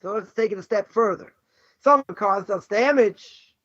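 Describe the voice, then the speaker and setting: A rabbi from Boston teaches an animated Torah lesson, emphatic and full of rhetorical questions, frequently saying "right?" and "you know." His high-pitched voice moves at normal speed and sounds a bit bright, in a dull, lo-fi, dry recording with no room sound.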